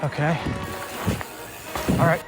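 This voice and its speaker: A young man vlogs as he rides a mountain bike along forest trails, talking slowly over loud music. He's out of breath and swearing, poking fun at his own lack of skill in casual narration as he rides.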